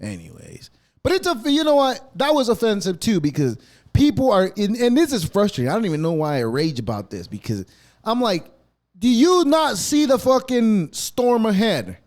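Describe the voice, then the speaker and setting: A man's voice: high voice, huge pitch swings, moderate pace, a little mellow. A man hosting a podcast, delivering a rambling, sarcastic rant full of swearing. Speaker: podcast host. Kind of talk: profane ranting monologue.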